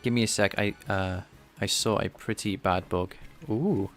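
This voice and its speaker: A man's voice: fairly low pitch, steady tone, unhurried, faint music behind. A man live-streaming his programming work, thinking aloud in a casual, rambling way and chatting with viewers. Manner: rambling and self-deprecating, chatting with viewers between tasks.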